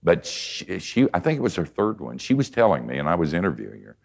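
An older preacher talks fast in a low, gravelly voice with wildly swooping pitch. His conversational sermon mixes folksy stories with swings from soft asides to emphatic points.

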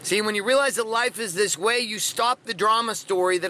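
A man's voice: high voice, a little fast, sharp tone. Brash, profane motivational man. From Washington state, USA. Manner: brash, profane, punchy delivery with dramatic swings. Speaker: podcast host. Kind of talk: motivational monologue.

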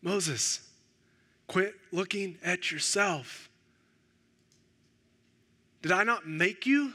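A male pastor preaching a sermon, animated and self-deprecating, acting out the dialogue of the story. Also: high voice, extremely slow, pauses often.

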